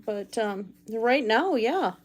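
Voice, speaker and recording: This is a woman hosting a relaxed live stream as she works on jewelry. She talks at an unhurried, easygoing pace and keeps a chatty back-and-forth going with her viewers. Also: fairly high pitch. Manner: easygoing, chatty, reads viewer comments aloud. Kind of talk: casual live-stream chat while crafting. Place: home cabin.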